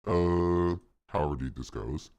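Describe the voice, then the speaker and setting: A streamer putting on a gravelly, smug game-dev voice. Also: male voice, measured pace, a little mellow, muffled recording. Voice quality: exaggerated deep gravelly impression voice. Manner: boastful, self-satisfied. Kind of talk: mock impression on a live stream.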